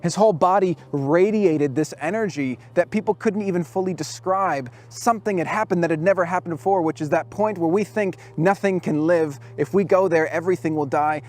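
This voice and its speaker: A man giving a storytelling sermon at a youth camp, dropping his voice low and soft for quoted words. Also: normal speed.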